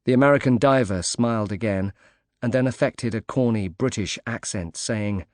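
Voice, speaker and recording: A man narrating an audiobook in a calm, measured reading. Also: on the low side, dry recording, studio quality.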